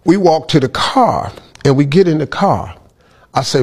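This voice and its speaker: A comedian telling a comic story in a lively voice, breaking into loud bursts and laughing at his own punchlines. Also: on the high side, measured pace, breathy edge.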